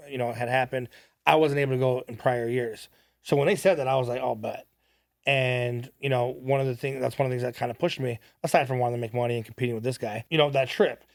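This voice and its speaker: A man's voice: mid-range voice, no echo, studio quality. A young man, a podcast guest, telling a story casually and animatedly, quoting people as he goes. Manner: animated, quotes people in his stories.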